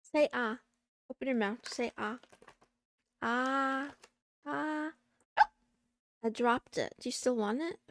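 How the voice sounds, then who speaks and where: Playful streamer woman with gravelly fry. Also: a little high, normal speed, dry recording. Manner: playful, teasing chat, meowing between remarks. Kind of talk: casual stream chat. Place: home desk.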